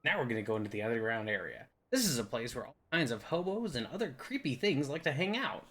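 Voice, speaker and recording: A man's voice: mid-range voice, big pitch swings, fast, a bit bright. A young man giving a rambling, goofy tour of a game map, joking and putting on silly voices now and then. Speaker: game video host.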